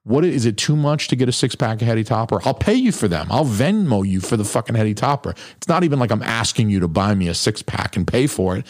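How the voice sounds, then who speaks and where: A man's voice: mid-range voice, animated, fast talker, few pauses, dry recording, studio quality. A man hosting his podcast, talking in a crude, blunt, rambling way and swearing constantly. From New Hampshire. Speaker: podcast host. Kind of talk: profane casual monologue.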